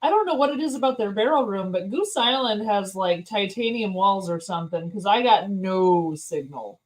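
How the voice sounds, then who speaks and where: A woman's voice: medium pitch, lively intonation, moderate pace, poor audio. A woman chatting casually on a live stream over a video call, giggly and talkative.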